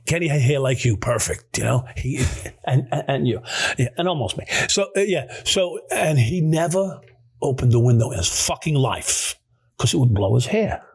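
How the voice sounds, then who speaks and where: Gravelly, raspy man telling a story. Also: mid-range voice, normal speed. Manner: animated, profane, stammering restarts. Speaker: podcast host telling a story. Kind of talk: casual storytelling.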